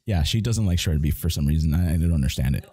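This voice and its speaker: A man's voice: extremely low pitch, lively intonation, fast talker, warm tone. A man telling a rambling, profane story in casual chat while gaming, with many restarts. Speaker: gamer chatting on stream.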